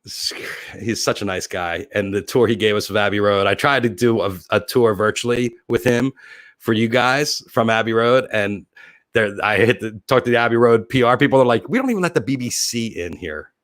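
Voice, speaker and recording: A man's voice: lowish voice, steady tone, normal speed, fairly bright tone, no room sound. A middle-aged man hosting his own livestream show, talking in a rambling, heartfelt and openly emotional way. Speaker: host.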